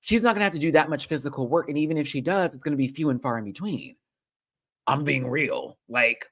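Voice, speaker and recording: A man hosting a reality TV recap show, ranting in a sassy, animated way and swearing freely. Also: medium pitch, a little fast.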